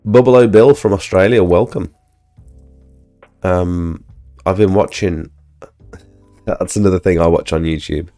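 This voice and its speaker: A man with a low voice, a bit under the weather, rambles through casual live-stream chat with plenty of ums. His talk wanders as he answers viewers. Faint music sits in the background. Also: unhurried, pauses often, warm tone. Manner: rambling, filler-heavy, chatting to viewers. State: ill. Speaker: pressure washing business owner and live streamer.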